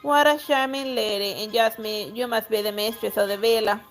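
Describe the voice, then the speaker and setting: A woman reading out the lines of a charming but pretentious traveling lady in a game, falsely polite and flattering. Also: a little high, moderate pace, soft background music, lightly acted. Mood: sly. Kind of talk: reading game dialogue aloud.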